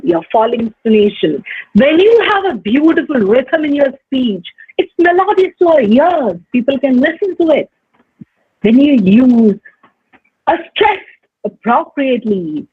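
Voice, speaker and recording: Vrouwelijke docent, smal telefoongeluid. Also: female voice, fairly high pitch, slightly rough, no echo. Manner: measured, with deliberate pauses and stressed words. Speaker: teacher educator. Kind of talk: recorded lecture on life skills. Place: online lecture recording. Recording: dry, phone-like narrow sound.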